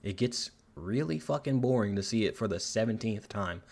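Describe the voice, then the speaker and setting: A man's voice: lowish voice, expressive, normal speed, vocal fry, a little mellow, slightly rough. A man giving a ranting, profane film commentary in an exasperated, digressive way. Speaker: movie reviewer.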